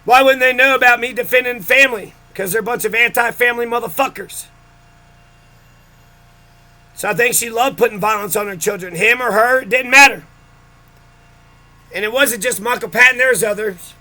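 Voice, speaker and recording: A man's voice: extremely high pitch, a little fast, bright, forceful tone. A man in a bitter, profane personal rant about his childhood, speaking straight to the camera. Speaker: vlogger.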